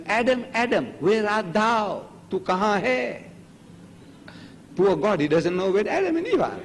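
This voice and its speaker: An older man with a fairly high voice gives an animated religious lecture, and his pitch swings widely as he plays out each story. His first language is Gujarati. The sound carries a long hall echo over a faint background hiss. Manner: animated storytelling, acting out dialogue.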